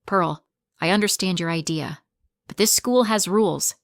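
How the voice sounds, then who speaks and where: Reading the part of a stern male principal, a woman uses a lowish, everyday-sounding voice at normal speed. The studio sound is clean, with no echo.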